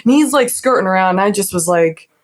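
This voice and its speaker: A young woman from New England, a podcast guest, telling a story in a chatty, animated way with lots of "like". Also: medium pitch, quick pace. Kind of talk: casual storytelling.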